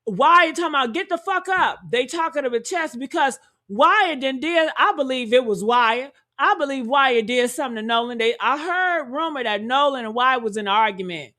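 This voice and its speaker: A woman giving heated, profane reaction commentary, talking loudly and indignantly and calling out to her viewers. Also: high-pitched, moderate pace. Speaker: commentary streamer.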